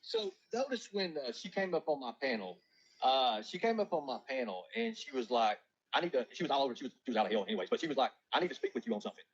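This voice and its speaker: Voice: mid-range voice, sing-song, fast, breathy edge. A livestream guest telling a story in a rambling, profane way. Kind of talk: casual livestream chat. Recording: dull lo-fi stream playback.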